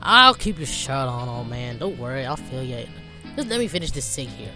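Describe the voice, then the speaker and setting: A woman voicing a gruff, laid-back male detective who talks curtly. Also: a bass voice, sing-song, normal speed, music in the background, pitched below the performer's own voice.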